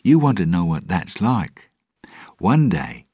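Casual: guy doing a boastful sea captain, deep slow voice, sweet-talking. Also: sing-song, slightly rough, no echo, studio quality, exaggerated voice. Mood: coaxing. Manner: coaxing, self-assured. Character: roguish male ship captain, boastful and sly.

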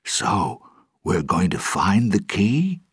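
A puzzled pirate first mate, slow on the uptake and full of questions, voiced by a man. The voice stays close to the reader's own, very deep and husky. It sounds dry and close to the mic. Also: huge pitch swings, no room sound, full character voice. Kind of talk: storybook read-aloud.

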